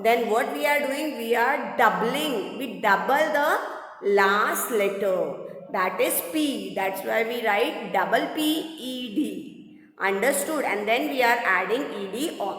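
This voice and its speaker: A woman's voice: fairly high pitch, fairly bright tone. A woman with an Indian English accent teaching a primary English class in a recorded video, patiently repeating herself, addressing the children and spelling words out letter by letter. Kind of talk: recorded online class explanation. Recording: echoey room with long reverb.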